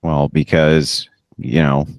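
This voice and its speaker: A man's voice: extremely low pitch, flat delivery, slow pace, no room sound, clean studio sound. A man guesting on a livestream, blunt and teasing, insistent when interrupted. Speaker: guest, debate channel host. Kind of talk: heated livestream exchange.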